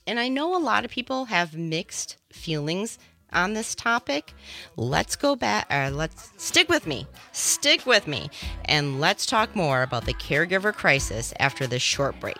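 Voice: medium pitch, big pitch swings, normal speed, gravelly, bright, forceful tone, faint music behind. A radio talk show host giving impassioned, personal commentary into a studio microphone.

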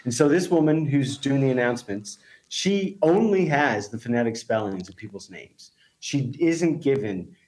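A man's voice: mid-range voice, moderate pace. A man, a regular radio guest, chatting casually and laughing often as he tells stories. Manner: laughs often, animated storytelling.

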